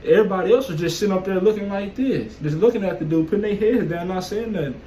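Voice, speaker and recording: High-voiced man, blunt and profane monologue, faint background noise. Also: fast talker, warm tone, rough recording. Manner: blunt, profane, streetwise storytelling. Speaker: vlogger. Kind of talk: casual monologue.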